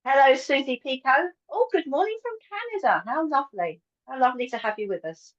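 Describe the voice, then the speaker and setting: Lively, higher-voiced woman greeting viewers. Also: fast. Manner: chatty, greets viewers warmly by name. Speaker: co-host and medium of a live psychic show. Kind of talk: casual morning-show chat. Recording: dull lo-fi sound.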